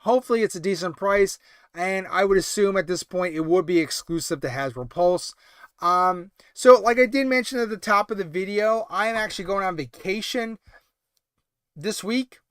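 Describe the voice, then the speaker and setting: A man's voice: high-pitched, moderate pace, a bit bright, clear, resonant tone, dry recording, studio quality. A tired man hosting a late-night livestream about toy collecting, chatting casually and rambling with lots of fillers and restarts.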